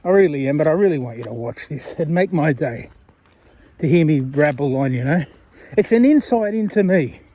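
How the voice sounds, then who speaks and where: A man's voice: fairly high pitch, expressive, normal speed, dark tone. An Australian man talking casually to a viewer while walking outdoors along a road, rambling and self-deprecating. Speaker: vlogger. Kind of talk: casual walking vlog talk.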